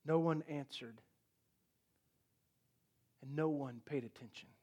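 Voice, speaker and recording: High-voiced man preaching with lively swings. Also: slow, highs cut off. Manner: animated storytelling preaching, drops to quiet for emphasis. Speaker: pastor. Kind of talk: sermon.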